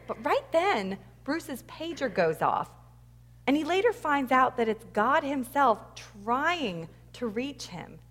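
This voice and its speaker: A woman preacher giving a sermon, telling stories and acting out quoted lines with energy. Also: on the high side. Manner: animated storytelling, acts out quoted lines loudly. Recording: long reverb of a large hall.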